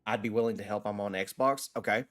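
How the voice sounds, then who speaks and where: Low-voiced man streaming a game. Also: steady tone, fairly quick, fairly bright tone. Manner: chatty and rambling, answering viewers with repeated restarts and fillers. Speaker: gaming streamer. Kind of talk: casual live-stream chat while gaming.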